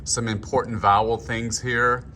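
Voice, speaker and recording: A man leading a choir rehearsal talk-through, explaining markings and singing short phrases in falsetto to show them. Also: little pitch movement, measured pace, pushed and bright, a little hiss or hum. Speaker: choir director. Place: room, filming himself. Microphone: handheld camera.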